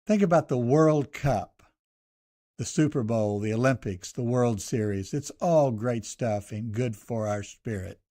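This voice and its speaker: An older man with a Southern US accent hosting a radio show. He gives a reflective commentary and a prayer in a measured, listing cadence. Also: medium pitch, mellow. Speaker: radio host.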